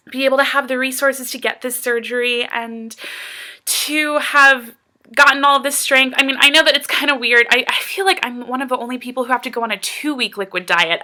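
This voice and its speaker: High, bright-voiced American woman vlogging. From United States. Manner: rambling, earnest, lots of fillers. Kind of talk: casual chat to camera.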